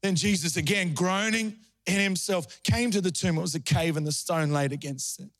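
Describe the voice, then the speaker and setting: A high-pitched, middle-aged man delivers a sermon, moving from storytelling into fervent preaching. The sound is dry and close, with no room echo. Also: normal speed, a bit bright. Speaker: pastor.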